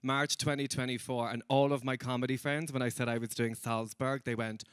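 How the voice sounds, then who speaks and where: A man's voice: medium pitch, flat delivery, a little fast, smooth, no room sound. A young Irish man doing a stand-up comedy set on a stage, chatty and self-mocking, acting out other people's voices as he goes. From Ireland.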